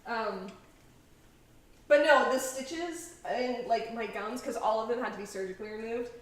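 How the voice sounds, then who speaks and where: A woman's voice: fairly high pitch, normal speed. Chatty young woman in an echoey kitchen. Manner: chatty storyteller, many "like"s and laughs. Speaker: cooking show host. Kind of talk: casual chat while cooking. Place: home kitchen. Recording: echoey kitchen, mic far off.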